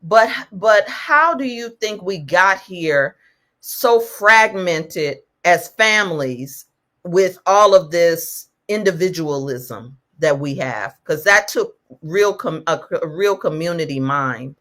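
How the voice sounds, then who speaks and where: A woman who is a life coach, talking as a podcast guest in an animated, emphatic way. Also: fairly low pitch, takes it slowly. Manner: animated, emphatic, laughs easily. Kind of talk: casual podcast conversation.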